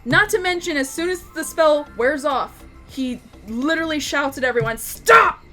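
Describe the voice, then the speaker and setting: Rambling, high-voiced woman storyteller. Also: moderate pace, a bit bright, faint music behind. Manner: rambling, swearing, laughing. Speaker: YouTube storyteller, game master. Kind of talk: unscripted story narration.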